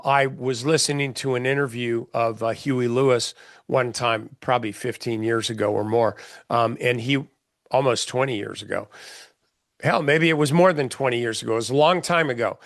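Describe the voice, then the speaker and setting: A man's voice: mid-range voice, no echo, clean studio sound. A middle-aged man, a trading mentor, giving blunt, folksy market commentary in a casual session, with many fillers and restarts.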